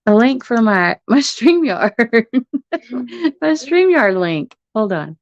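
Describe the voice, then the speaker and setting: A woman's voice: on the high side, big pitch swings, slow pace, no room sound. A middle-aged woman, hosting a casual livestream from her phone at home, laughing often and swearing casually. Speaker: livestream host. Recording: muffled phone stream audio.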